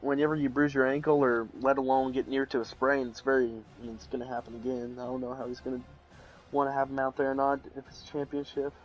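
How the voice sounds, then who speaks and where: A young man casually commentating a football video game, rambling with restarts and sudden excited bursts. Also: mid-range voice, fast, highs cut off, faint music behind. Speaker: play-by-play commentator.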